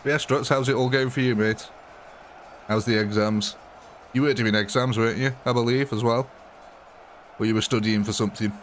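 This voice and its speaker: A man's voice: mid-range voice, fairly even intonation, normal speed, long pauses, a little hiss or hum. A man livestreaming a game, chatting casually and rambling to his viewers, greeting them by name and laughing often. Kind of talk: casual live gameplay chat with viewers.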